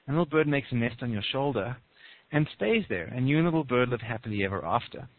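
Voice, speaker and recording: A man's voice: medium pitch, lively intonation, fast talker. A man coaching on relationships in casual talk, telling a story and briefly acting out small voices. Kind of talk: casual advice on a call. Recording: tinny phone line.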